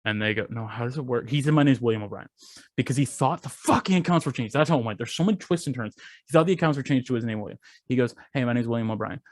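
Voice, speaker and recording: A man's voice: medium pitch, very fast, no room sound. A young man, a podcast co-host, telling a story in casual chat, swearing and acting out what people said.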